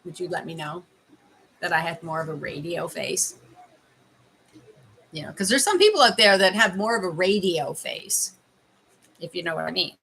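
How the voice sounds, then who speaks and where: A bright, forward-sounding middle-aged woman chats casually on a livestream, tasting candies and giving viewers advice. A faint hiss sits behind her voice. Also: fairly low pitch, expressive, moderate pace, gravelly, long pauses, poor audio. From Canada. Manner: chatty, tasting candy while advising viewers. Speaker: life coach livestreaming.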